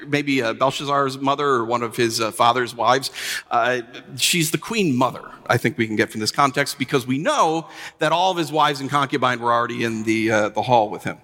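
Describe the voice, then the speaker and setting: A man preaches a sermon, moving from quiet storytelling to animated emphasis. His voice is bright and forceful, mid-pitched for a man. A long reverb from the hall trails each phrase. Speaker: pastor.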